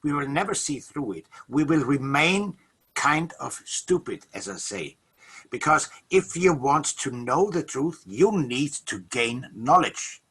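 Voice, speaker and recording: A man co-hosting a casual talk show, explaining his views in a lecturing way with a husky voice. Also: fairly high pitch, lively intonation, a little slow, fairly bright tone. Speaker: co-host. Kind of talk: casual conversational chat.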